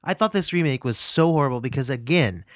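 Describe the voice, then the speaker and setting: A man's voice: medium pitch, lively intonation, quick pace, dry recording, clean studio sound. A man giving opinionated film commentary who speaks in an indignant, emphatic way and often repeats himself. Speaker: film reviewer.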